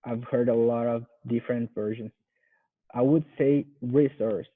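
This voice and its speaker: Slow-speaking Brazilian man on a tinny line. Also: mid-range voice, fairly even intonation. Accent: Brazilian Portuguese. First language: Portuguese. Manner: careful, deliberate repetition of words. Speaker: student. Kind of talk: language lesson practice. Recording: tinny phone-like video call.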